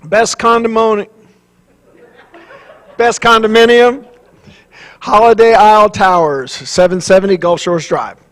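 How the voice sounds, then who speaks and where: High-voiced man chairing a council meeting. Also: steady tone, a bit bright. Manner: halting, many fillers and restarts. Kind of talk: public meeting announcements.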